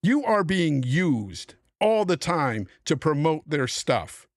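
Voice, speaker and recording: In a dry, studio-quality recording, a middle-aged podcast host on a panel launches into a heated, profane rant about the industry. His fairly high voice is very animated, though his pace stays slow, and he sounds angry and emphatic.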